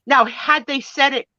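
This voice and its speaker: A woman in her sixties chatting casually on a live stream, an animated storyteller who acts out the voices in her stories. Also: high-pitched, no echo, highs cut off. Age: 60s. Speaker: co-host of a live sale and chat stream. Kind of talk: casual chat.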